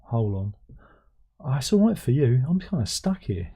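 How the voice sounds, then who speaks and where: A man's voice: medium pitch, big pitch swings, moderate pace, gravelly, mellow, husky. A middle-aged man hosting a casual livestream, who reads out viewer comments and hums to himself between them. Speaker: livestream host.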